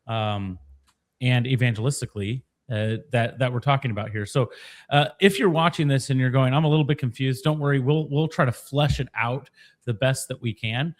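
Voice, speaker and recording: A man hosts a podcast. His pitch is in the middle range for a man. He speaks casually and turns to the audience to invite them to comment. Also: moderate pace. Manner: friendly, addresses viewers directly. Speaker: podcast host. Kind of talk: casual chat.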